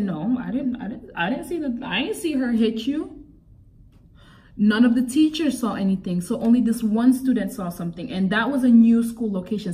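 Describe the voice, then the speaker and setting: A young woman vlogger telling a story about a past job in a casual, animated and exasperated way, often acting out quotes. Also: medium pitch, distant mic. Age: young adult.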